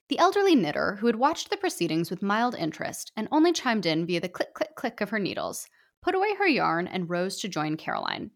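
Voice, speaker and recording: A woman narrating a short story in an expressive, animated storybook style. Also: fairly low pitch, brisk.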